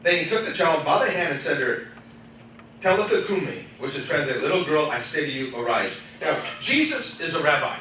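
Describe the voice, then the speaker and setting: High-voiced animated preacher in echoey hall. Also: male voice, a little fast, slight background noise. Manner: animated, laughing often, swings between loud exclaims and quiet storytelling. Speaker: pastor. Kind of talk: sermon. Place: church sanctuary. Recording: echoey church hall, mic from far off, congregation responding. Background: congregation calling out responses.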